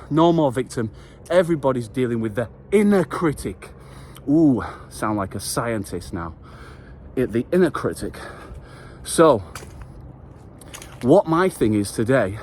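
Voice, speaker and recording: Straight after exercising, a vlogger with a medium-pitched, darkish voice offers a sincere, passionate pep talk, with the odd curse thrown in. Slight background noise can be heard.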